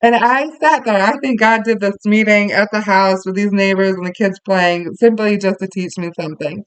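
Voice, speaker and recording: A parenting teacher talks to parents earnestly and conversationally, sharing personal stories with lots of fillers and restarts. The voice is medium-pitched and smooth, with fairly even intonation at normal speed. The recording is dry and the audio poor.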